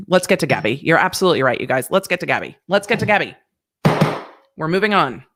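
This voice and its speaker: A woman, a former prosecutor, chatting casually on a livestream about legal news, blunt and quick to laugh, swearing now and then. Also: sits low, no echo, clean studio sound. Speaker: legal commentator hosting a livestream; former district attorney. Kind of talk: casual livestream chat answering viewer questions.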